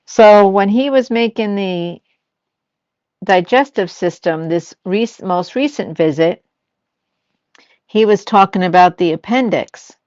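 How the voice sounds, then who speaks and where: A woman's voice: mid-range voice, takes it slowly, long pauses, darkish tone, no echo, highs cut off. An older woman chatting casually as a host, telling family stories and acting out what people said. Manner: storytelling, acts out quoted lines. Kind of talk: casual chat.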